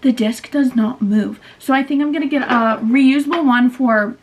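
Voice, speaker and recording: Chatty young woman vlogging, slightly high. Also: moderate pace. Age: 20s. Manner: rambling, chatty, lots of "like" and self-corrections. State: low-energy and tired. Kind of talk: casual vlog chat to camera.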